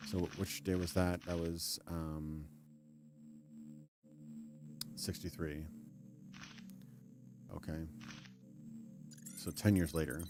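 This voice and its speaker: A deep-voiced man hosting a live game stream. He talks in a loose, rambling way, ranting and restarting his sentences as he goes, and breaks off now and then to read in-game text aloud. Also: flat delivery, takes it slowly, long pauses, over music. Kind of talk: casual live-stream commentary.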